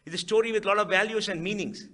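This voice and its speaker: Speaking fast with a sharp, high-pitched voice, this middle-aged guest speaker has an Indian English accent. He gives a forceful lecture-hall address packed with rhetorical questions and phrases he keeps repeating.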